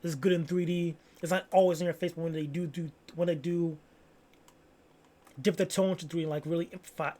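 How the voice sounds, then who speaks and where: A man's voice: fairly high pitch, steady tone, a little fast, dark tone. A young man rambling in casual solo chat, slangy and full of fillers. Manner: rambling, heavy on "like" and "bro", slangy. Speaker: vlogger.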